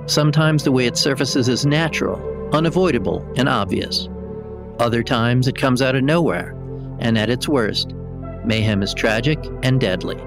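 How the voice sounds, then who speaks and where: A man hosting a podcast, reading scripted narration in a measured, deliberate way. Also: medium pitch, gravelly. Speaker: podcast host. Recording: music bed underneath.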